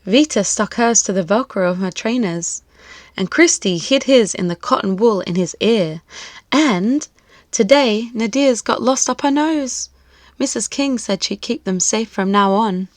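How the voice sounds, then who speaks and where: Expressive woman reading a kids' story. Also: mid-range voice, a little slow, dry recording, clean studio sound. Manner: clear, expressive and lilting. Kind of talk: children's storybook read-aloud.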